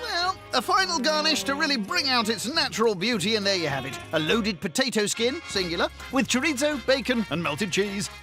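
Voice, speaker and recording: Male narrator, dry and teasing, lively high voice over music. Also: fairly quick, few pauses. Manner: dry, teasing, sarcastic asides. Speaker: show narrator. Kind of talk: scripted comic voice-over narration.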